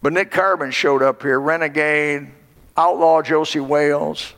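A male pastor preaches with impassioned, swelling emphasis. His voice sits high for a man and carries a gravelly edge. The long reverb of a church hall rings behind every phrase. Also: steady tone, unhurried, a bit bright. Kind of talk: sermon. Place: church sanctuary.

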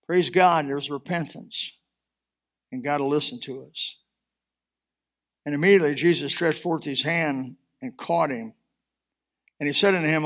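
Impassioned high-voiced preacher man. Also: moderate pace, long pauses, fairly bright tone. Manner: impassioned preaching, rising and falling in force. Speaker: pastor. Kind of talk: sermon.

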